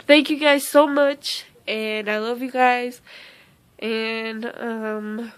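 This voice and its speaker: A young woman telling a personal story in a casual vlog, emotional and close to tears, talking haltingly with many fillers and restarts. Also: fairly high pitch, steady tone, clean tone. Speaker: vlogger.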